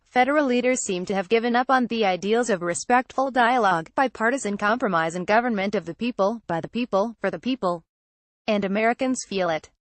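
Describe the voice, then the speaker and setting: A woman narrates a political opinion piece in a steady, measured reading voice, her pitch in an ordinary middle range. It's scripted narration, and the recording is dry and close, with no echo or room sound.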